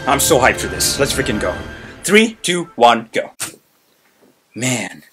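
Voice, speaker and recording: A man hosting a reaction video, reacting out loud with frequent exclamations and lots of filler words. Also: mid-range voice, measured pace, over music. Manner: excitable, exclaims often, many fillers. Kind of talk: live reaction commentary.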